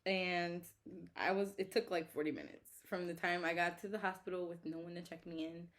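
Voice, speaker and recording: Animated young woman telling a story. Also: on the low side, a little fast. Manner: animated, exasperated retelling with lots of "like". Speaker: vlogger telling her birth story. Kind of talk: casual storytime chat.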